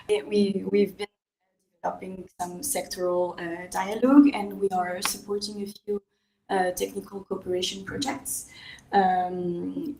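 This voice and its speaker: A woman with a French accent addresses an audience at a public event, halting often with fillers and restarts. She speaks in her second language at a medium pitch. The sound is reverberant, as if picked up in a roomy hall. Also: vocal fry, a little mellow. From France. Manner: hesitant, with many fillers and restarts. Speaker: development agency project manager. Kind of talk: formal speech at a public event.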